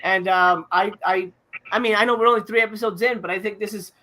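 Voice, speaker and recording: A man's voice: high voice, fairly even intonation, quick pace, bright, forceful tone, a little hiss or hum. A man co-hosting a movie podcast, talking in a rambling, casual way with many fillers and restarts. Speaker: podcast co-host reviewing movies. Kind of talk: casual chat.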